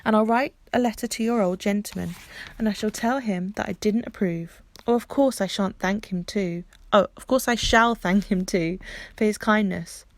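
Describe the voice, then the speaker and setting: A woman's voice: medium pitch, normal speed, dry recording, natural voice. A woman reading a storybook voicing a loving mother who speaks firmly and earnestly to her children. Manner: firm and earnest, then softening.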